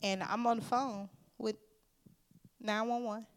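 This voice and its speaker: A woman's voice: fairly high pitch, fairly even intonation, a little slow. Earnest woman preaching with emphatic storytelling. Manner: earnest, emphatic storytelling, addressing the congregation as "y'all"; informal, conversational phrasing. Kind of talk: sermon with personal testimony.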